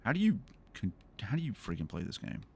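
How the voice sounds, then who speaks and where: Joking low-voiced streamer man. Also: huge pitch swings, fairly quick, creaky, darkish tone, slightly rough. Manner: joking, rambling, laughs at own jokes. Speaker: gaming streamer. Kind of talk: casual gameplay commentary.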